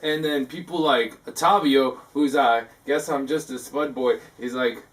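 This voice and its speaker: A man hosting a comic talk segment, rambling and halting, filling his talk with "like" and tacking on "eh". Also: mid-range voice, steady tone, recorded from a distance. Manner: halting, full of "like" and tacked-on "eh". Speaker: host of a parody talk segment.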